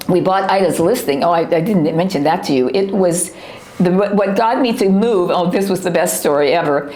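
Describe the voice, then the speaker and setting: A woman telling a lively family anecdote in an interview, often breaking off to add details. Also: on the low side, echoey room. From United States. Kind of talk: interview storytelling.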